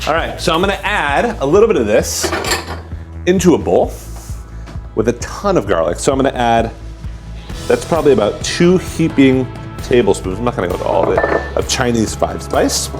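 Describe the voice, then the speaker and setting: A man walks through a recipe in a chatty, upbeat way, his pitch bouncing all over as he cooks. Music plays clearly behind his voice. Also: big pitch swings, moderate pace. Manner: chatty, upbeat, talks while cooking. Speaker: cooking show host. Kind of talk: casual cooking demonstration.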